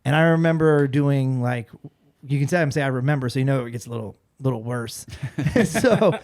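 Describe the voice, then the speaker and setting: A man in his forties, a podcast guest and former radio personality, telling a story in a casual, animated way with frequent restarts. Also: medium pitch, moderate pace.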